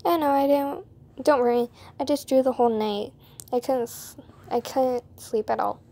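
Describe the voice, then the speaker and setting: A woman's voice: high-pitched, warm tone. A woman voicing a tired, self-doubting young male artist who speaks hesitantly, in a comic dub. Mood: weary. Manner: hesitant, halting.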